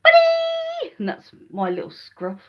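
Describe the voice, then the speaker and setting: Faint music plays behind this woman's mid-range voice, which moves at a normal speed through dull-sounding audio. She is casually livestreaming from her phone indoors in her rented house's living room, easily pulled off track as she talks to viewers and calls her dogs. She uses a handheld phone, then a phone stand.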